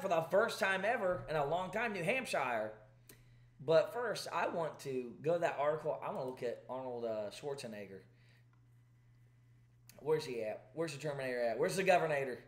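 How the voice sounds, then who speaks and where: A man's voice: on the high side, echoey room. A man hosting political commentary, talking in an exasperated, emphatic rant. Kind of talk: ranting commentary.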